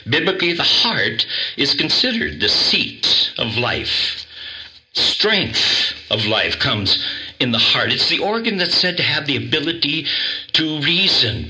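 A male pastor preaching an animated sermon, quizzing the congregation and coaxing them to repeat words after him. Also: mid-range voice.

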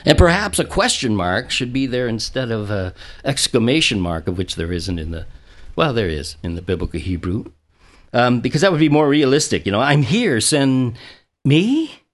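A man preaching a sermon, reading scripture and retelling it in an animated way, with frequent restarts and small chuckles. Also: fairly quick. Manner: animated, acts out quotes with a jumping pitch; stammering restarts, chuckles now and then. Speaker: pastor.

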